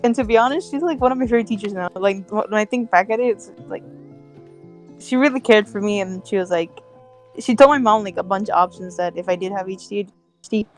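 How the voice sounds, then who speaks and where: Chatty young woman with a mid-pitched voice. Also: fast, soft background music. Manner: chatty, hesitant, many fillers. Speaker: podcast co-host. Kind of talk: casual chat.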